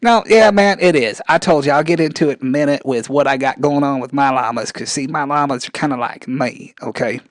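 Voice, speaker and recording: A man puts on a scrawny, rambling man with a drawl, tacking "man" onto every phrase and tripping over his words when he speeds up. He is touchy and gets riled up fast. The voice sits at a middle pitch in a dry, close room. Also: dry recording, natural voice. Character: scrawny rambling country man with thinning hair.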